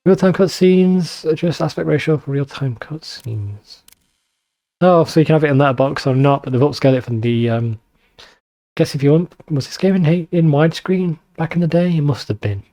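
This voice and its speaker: A man's voice: fairly high pitch, moderate pace, mellow. A man with a northern English accent chatting casually and swearing while commenting on a video game. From northern England. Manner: chatty, swears freely, mocking asides. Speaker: let's play host.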